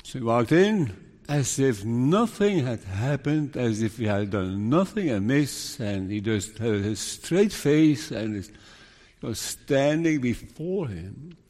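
A male preacher delivers his sermon slowly and deliberately, at a middling pitch. He retells scripture earnestly and turns it into pleading appeals. His voice carries a long reverb from a large church hall. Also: lively intonation, a little mellow. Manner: earnest, measured Bible storytelling with pleading appeals.

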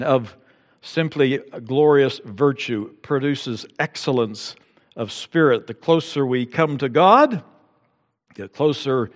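A man's voice: medium pitch, long reverb tail. A male pastor preaching a sermon, building to emphatic peaks and acting out quotes.

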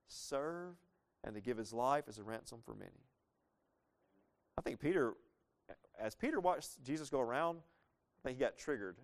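A man preaching a sermon, lively and conversational, asking his listeners questions and acting out the lines he quotes. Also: fairly high pitch. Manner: animated, asks the congregation questions, acts out quoted lines. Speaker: pastor.

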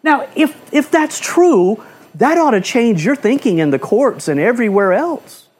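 A man's voice: extremely high pitch, big pitch swings, unhurried, a little mellow. A male pastor preaching a fiery sermon in a church, firing off rhetorical questions and repeating phrases for emphasis.

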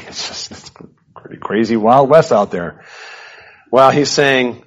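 A man giving a verse-by-verse Bible teaching, animated and emphatic, with casual conversational asides. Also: mid-range voice, slow pace, pauses often, dull audio.

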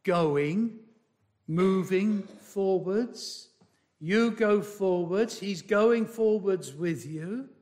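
With a high voice, this man delivers a slow, emphatic sermon. Key phrases come back again and again, and he shifts from booming pronouncements to quiet asides.

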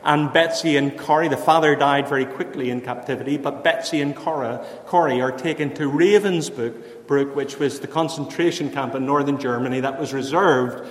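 A man preaching a sermon in an earnest way. He lifts his voice for emphasis and then drops to a hushed voice to tell a story. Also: mid-range voice, moderate pace, few pauses. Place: church. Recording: echoey church hall.

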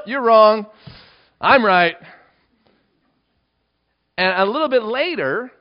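A male preacher delivering a verse-by-verse sermon. His voice sits fairly high and swings widely in pitch as he presses his points home. The recording sounds dull and lo-fi. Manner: emphatic, rising into dramatic readings of quoted lines. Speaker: pastor. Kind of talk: expository Bible sermon.

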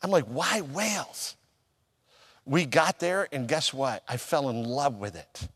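A male pastor preaching a sermon, telling a personal story and acting out his own past conversations, with swings from loud emphasis down to near-whispers. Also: mid-range voice, lively intonation, normal speed, in a large hall.

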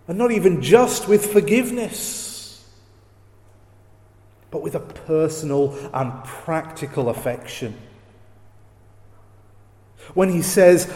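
A man preaching a sermon, slow and emphatic, leaning on repeated phrases. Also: a little high, animated, darkish tone. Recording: roomy hall echo.

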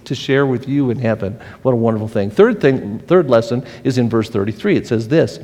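A man's voice: lively intonation, a little fast, dark tone. Man preaching in a reverberant hall. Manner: earnest preaching with frequent restarts, swings in pace and pitch. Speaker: pastor. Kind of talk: sermon.

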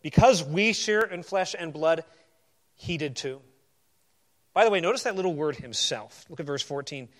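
A man's voice: on the high side, lively intonation, normal speed. Emphatic preacher, man with a raised voice. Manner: expository, swings between emphatic and quiet asides. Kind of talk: sermon.

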